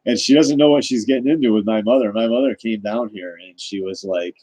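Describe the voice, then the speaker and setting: A man's voice: lowish voice, animated, brisk, dark tone, no echo, poor audio. Indignant man on a rambling rant. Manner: rambling and indignant, with many restarts. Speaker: vlogger. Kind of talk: ranting personal monologue.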